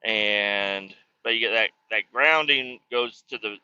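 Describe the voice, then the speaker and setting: A man's voice: on the low side, slow, sharp tone, clear, resonant tone. A man in his thirties streaming a trucking game, chatting casually and telling rambling, profane stories. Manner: rambling, profane, laid-back. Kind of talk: casual gameplay chat and storytelling. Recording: slightly muffled dry mic.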